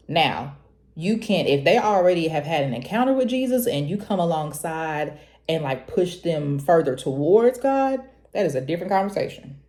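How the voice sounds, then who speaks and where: A young woman, talking to camera in a casual, preachy, animated way and laughing often. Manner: animated, preachy, laughs often, jumps high when quoting herself. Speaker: vlogger. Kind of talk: casual confessional talk to camera.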